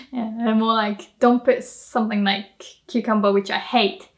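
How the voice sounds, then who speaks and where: A young woman with a fairly high voice explains things in a relaxed video lesson. She laughs often and keeps the tone playful. Now and then she slips into short acted lines to show the feeling behind her examples. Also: takes it slowly. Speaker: language teacher.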